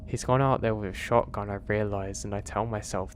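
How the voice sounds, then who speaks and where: A man, narrating a first-person horror story in a steady, earnest way. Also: on the low side, a little fast, slight background noise.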